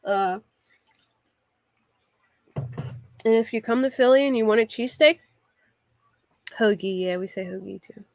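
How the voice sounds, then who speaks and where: A woman's voice: fairly high pitch, normal speed, long pauses, a little mellow, no room sound. A woman with a Philadelphia accent, streaming live and chatting loosely with viewers, using lots of filler words. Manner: rambling, with frequent "like" fillers. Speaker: livestreamer. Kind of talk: casual chat answering a live chat.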